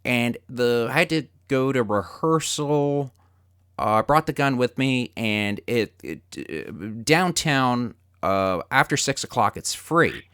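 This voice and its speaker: A man hosting a podcast, telling stories in casual chat, swearing freely and getting loud as he relives his anger. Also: mid-range voice, takes it slowly, smooth, no room sound, studio quality. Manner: animated storyteller, swears freely, gets loud retelling anger. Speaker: podcast host.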